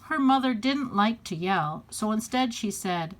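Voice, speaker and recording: A woman reading a children's picture book aloud with a slow, deliberate delivery and expressive pauses. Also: medium pitch. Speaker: storybook reader.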